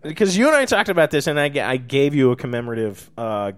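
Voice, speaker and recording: A man's voice: medium pitch, very animated, fast, clear, resonant tone. A man hosting a casual interview, joking around and swearing freely. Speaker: podcast host.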